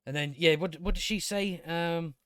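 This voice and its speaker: A man's voice: fairly high pitch, normal speed, a bit bright, clear, resonant tone, no echo, studio quality. A man reviewing a TV episode in a rambling casual recap, sarcastic and profane, stumbling over restarts. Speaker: video reviewer.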